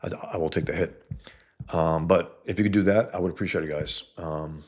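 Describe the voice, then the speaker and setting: A man's voice: low-pitched, fairly even intonation, a little fast. A man hosting a casual livestream, talking bluntly and profanely to his chat, rambling with frequent restarts. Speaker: livestream host reading chat. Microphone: computer mic, no headset.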